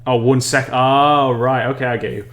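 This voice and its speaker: A man's voice: mid-range voice, level tone, moderate pace, a bit bright. Chatty English man teaching on stream. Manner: chatty, reads chat aloud, frequent restarts and laughs. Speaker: streamer teaching level design. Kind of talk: casual live-stream tutorial.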